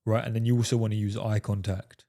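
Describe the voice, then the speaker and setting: A man's voice: on the low side, little pitch movement, fast, gravelly, mellow. A man talking straight to his viewers as a dating coach, emphatic and profane, peppering his talk with "fellas" and "right?". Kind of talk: coaching monologue to camera.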